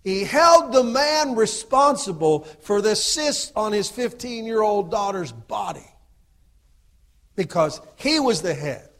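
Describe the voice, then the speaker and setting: A middle-aged man preaching a sermon, dropping to low asides and then rising into loud exhortation, often asking the audience for agreement. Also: expressive, slow pace.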